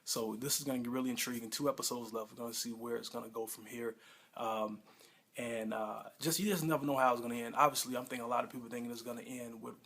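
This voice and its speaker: A man's voice: medium pitch, fairly even intonation, fast talker, creaky, fairly bright tone, husky. A man casually reviewing a TV episode, recapping it in a rambling, plain-spoken way.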